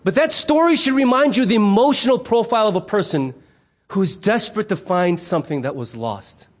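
Pastor, man, middle-aged, fairly high voice; conversational sermon delivery, playful, does the voices of people in his anecdotes. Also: fairly quick. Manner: animated storyteller who acts out quoted voices; conversational and humorous.

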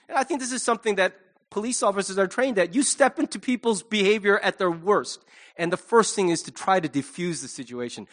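A man's voice: sits high, bright, forceful tone. A man preaching a sermon as pastor, conversational and humorous, slipping into acted asides. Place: church.

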